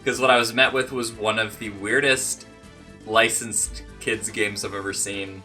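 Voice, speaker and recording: Casting note: young male vlog host with a low, bright voice, rambling and self-deprecating. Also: fairly even intonation, unhurried, soft background music. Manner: rambling and self-deprecating, talks while snacking. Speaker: channel host. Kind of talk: casual rambling vlog chat.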